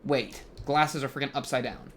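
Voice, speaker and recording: A man's voice: medium pitch, moderate pace, a bit bright, a little hiss or hum. A young man hosting an anime reaction, talking casually and rambling, full of fillers as he thinks aloud.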